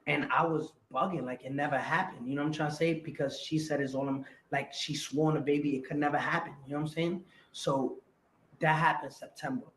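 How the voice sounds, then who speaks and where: A man telling a story as an interview guest, animated and stumbling over repeated words. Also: on the high side, a little fast. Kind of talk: casual storytelling. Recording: roomy echo, faint background noise.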